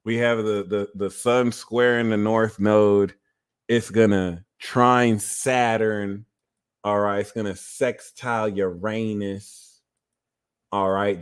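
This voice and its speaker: A man giving a casual astrology reading, blunt and profane, who often acts out quoted voices. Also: on the low side. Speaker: astrology reader.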